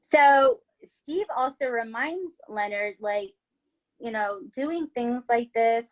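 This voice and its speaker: A woman's voice: on the high side, expressive, slow. Chatty woman podcaster telling a true-crime story. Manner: chatty, swears, tags lines with "right?" and "okay?". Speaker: podcast host.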